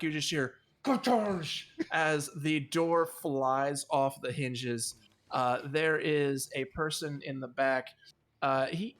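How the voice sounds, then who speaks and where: A man's voice: fairly high pitch, fairly bright tone. A man running a tabletop game as dungeon master, describing scenes with lots of fillers and restarts.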